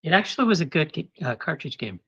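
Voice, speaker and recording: A woman's voice: low-pitched, sing-song, quick pace, vocal fry, fairly bright tone, breathy edge, dull audio. A woman co-hosting a casual trivia chat, speaking in a matter-of-fact, knowing way. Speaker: co-host.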